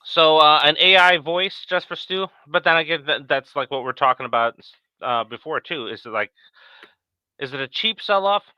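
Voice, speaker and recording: A man's voice: on the high side, moderate pace, clean tone, no room sound, lo-fi sound. A man co-hosting a casual fan podcast who talks steadily, reads out viewer comments and agrees readily. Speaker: podcast co-host.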